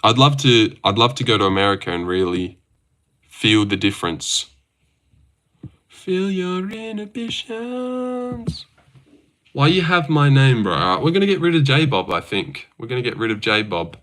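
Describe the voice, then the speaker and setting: A man's voice: lowish voice, expressive, a little fast, a bit bright. A young man livestreaming, casually reading viewer messages aloud and teasing his chat. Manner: reads viewer messages aloud and teases chatters.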